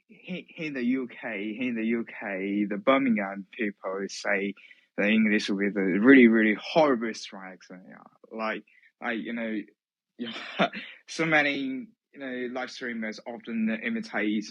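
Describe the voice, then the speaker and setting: A man's voice: lowish voice, measured pace, fairly bright tone, muffled recording. A man whose first language is Chinese, insistently repeating himself while practicing English. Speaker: caller. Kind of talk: casual English practice chat.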